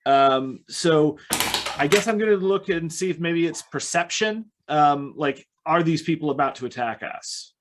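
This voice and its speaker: Halting man player thinking aloud. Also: on the high side, animated, slight background noise. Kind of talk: tabletop game play.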